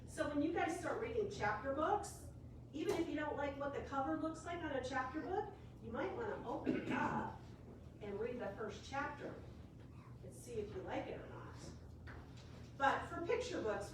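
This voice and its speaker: A woman librarian at preschool story time, bright and coaxing, her pitch swinging high and low as she asks the kids questions. She is recorded from across an echoey library room, with a faint hiss. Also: expressive, normal speed, far from the mic. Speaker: children's librarian.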